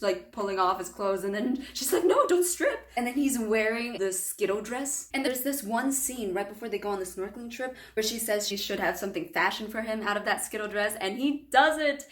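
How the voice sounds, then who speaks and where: A young woman reviewing a book in a casual, gushing way, giggly and excitable. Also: on the high side. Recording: roomy echo, distant mic, faint music.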